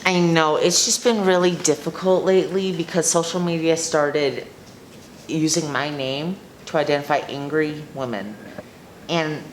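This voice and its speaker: A woman's voice: low voice, natural voice. A young woman playing Karen, an entitled new group member, ranting indignantly in a student sketch comedy.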